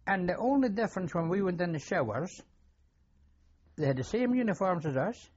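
A man's voice: high voice, animated, brisk, a little mellow, husky, muffled recording. An older man with a Scottish accent recounting memories in an interview, plain-spoken and given to repeating himself. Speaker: war veteran interviewee. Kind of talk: oral history interview.

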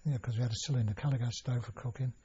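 Older man with a husky, mellow voice. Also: medium pitch, steady tone, very fast. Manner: rambling, many restarts and fillers. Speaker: interviewee. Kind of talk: oral history interview. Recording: dull lo-fi recording.

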